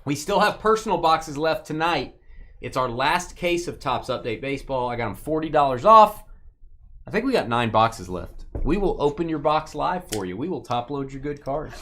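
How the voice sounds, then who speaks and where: Joking man hosting a live card break. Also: normal speed. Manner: joking, rambling, lively pitch swings. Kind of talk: live stream banter.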